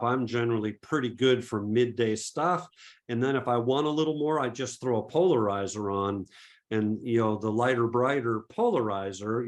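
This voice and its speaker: A middle-aged man from Massachusetts with no regional accent, answering audience questions in a relaxed webinar, chatty and full of restarts and fillers. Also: lowish voice. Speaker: photography presenter.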